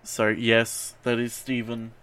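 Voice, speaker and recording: Guy podcast host, mid pitch, nitpicky trivia corrections, teasing his cohost. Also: monotone, takes it slowly, fairly bright tone. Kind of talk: casual podcast chat.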